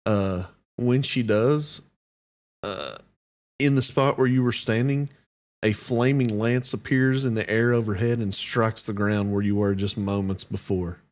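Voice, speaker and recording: Game master, lower-pitched man, relaxed halting narration, tabletop game.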